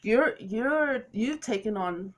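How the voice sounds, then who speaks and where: A woman's voice: on the high side, lively intonation, takes it slowly, background noise. A woman giving a tarot reading to her viewers, talking in a chatty, playful way with preachy asides. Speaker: tarot reader. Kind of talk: casual tarot reading monologue.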